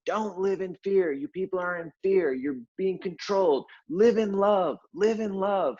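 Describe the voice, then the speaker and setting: An angry man preaching at people, pushing his words slowly and insistently in a raised voice, as a man mimics him. The sound is dull and lo-fi. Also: high-pitched, a little mellow, pitched above the performer's own voice.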